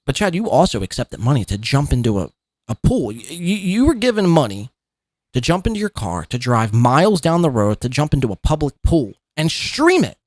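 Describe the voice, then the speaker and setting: A man's voice: fairly high pitch, sing-song, brisk, no room sound, clean studio sound. A man in his thirties hosting a podcast, giving mocking, sarcastic commentary on clips. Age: 30s. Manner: sarcastic, derisive, repeats words for laughs. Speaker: podcast host.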